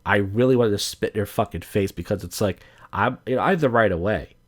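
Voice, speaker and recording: A man's voice: on the low side, fast. A man in his thirties hosting a podcast alone, rambling crudely and profanely with lots of fillers. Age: 30s. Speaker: podcast host. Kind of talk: casual rambling monologue.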